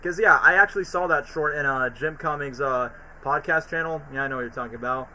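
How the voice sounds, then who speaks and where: A man's voice: a little high, quick pace, pushed and bright, a little hiss or hum, rough recording. A man chatting casually on a stream, rambling about cartoons with lots of fillers. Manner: rambling, often sings and acts out cartoon lines. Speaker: streamer host.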